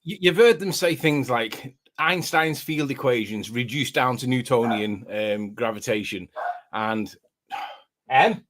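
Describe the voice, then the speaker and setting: A man's voice: medium pitch, fairly bright tone, slight background noise. Scouse man explaining on a call. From northwest England. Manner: brisk, explanatory, talking while eating. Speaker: guest presenter. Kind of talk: casual online debate chat.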